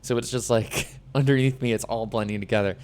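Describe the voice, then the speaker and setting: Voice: medium pitch, steady tone, a little fast, darkish tone. Wry streamer. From New Jersey. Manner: chatty, wry, sarcastic. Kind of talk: casual gameplay commentary.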